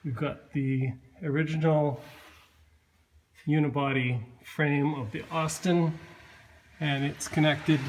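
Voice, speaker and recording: Slow, halting man explaining his car build. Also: medium pitch, slight background noise, low-quality recording. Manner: slow, halting, many fillers and restarts. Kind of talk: casual walkaround explanation.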